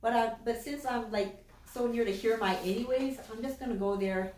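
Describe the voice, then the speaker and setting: A woman voicing a gentle, humble grown farmer who is easily bewildered. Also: fairly high pitch, steady tone, a little fast, slight background noise, natural voice. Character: kind, humble grown man, a devout farmer. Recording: echoey church from a distance.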